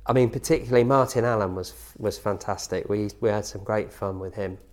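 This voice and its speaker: A man's voice: fairly low pitch, brisk. A man recalling football stories in an interview with enthusiasm and laughter. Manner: enthusiastic, laughing while recounting. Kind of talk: interview reminiscence.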